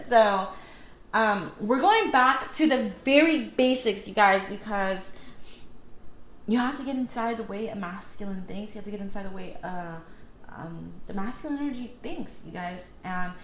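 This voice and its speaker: A woman's voice: fairly high pitch, a little hiss or hum. A woman tarot reader talking casually, rambling with many fillers and self-corrections as she gives spiritual advice. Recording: echoey room with faint ambience.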